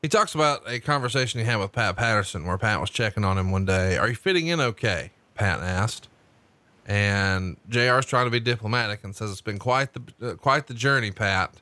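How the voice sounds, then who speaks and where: A man with a Southern accent co-hosting a podcast, narrating an anecdote and reading quotes in a smooth, conversational way. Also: lowish voice, expressive, a little fast, sharp tone, no room sound. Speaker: podcast co-host. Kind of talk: podcast ad read and story narration.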